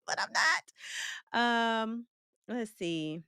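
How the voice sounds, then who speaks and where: A woman's voice: on the low side, expressive, normal speed, clean tone, no echo, studio quality. A woman hosting a casual livestream, greeting and answering her chat in a playful, joking way with frequent laughs and slang. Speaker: livestream host reading chat.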